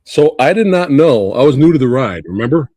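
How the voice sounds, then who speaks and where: Animated laughing livestream host, a man. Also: medium pitch, a little fast, no echo. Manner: animated, laughing, swears freely. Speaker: movie review livestream host. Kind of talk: casual livestream chat.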